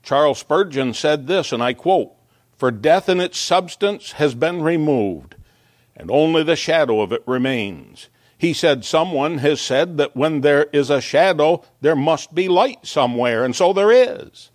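Earnest preaching pastor, fairly high voice. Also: male voice, lively intonation, measured pace, dry recording, studio quality. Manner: earnest preaching, rising to emphatic peaks, occasional self-interrupting asides. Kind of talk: sermon.

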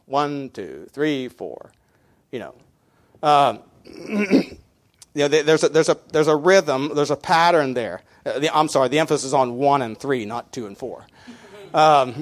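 Conversational middle-aged pastor preaching. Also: male voice, a little high. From Mennonite community. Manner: conversational, with many fillers and restarts, counting out beats. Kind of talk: sermon.

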